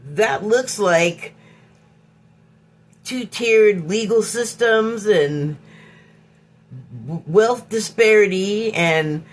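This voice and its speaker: With a fairly low pitch, a woman from Hollywood, United States, hosts her own podcast in an unscripted, reflective solo talk. Her delivery is musing and halting, full of pauses to find words and restarted phrases.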